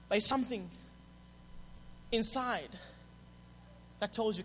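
Man, pastor, passionate sermon, swings from hushed to shouting, very high, ringing hall. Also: expressive, moderate pace, pauses often, a little hiss or hum. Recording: reverberant hall.

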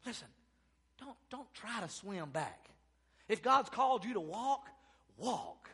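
A male pastor delivers a church sermon in a strikingly high, bright, forceful voice. He peppers his preaching with amens and moves between hushed lines and loud, ringing ones. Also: very animated, takes it slowly, pauses often, breathy edge. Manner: preaching with call-and-response amens, swinging from soft to loud.

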